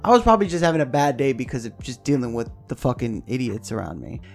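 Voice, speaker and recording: Gravelly man telling a rowdy story. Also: mid-range voice, fast, faint music behind. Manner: profane, animated storytelling, acts out voices. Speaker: podcast co-host. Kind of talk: casual storytelling chat.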